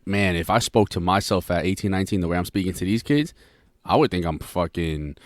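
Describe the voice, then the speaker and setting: A man's voice: low voice, brisk, dry recording, clean studio sound. A young man co-hosting a podcast in casual chat, rambling with restarts and slang. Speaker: podcast co-host.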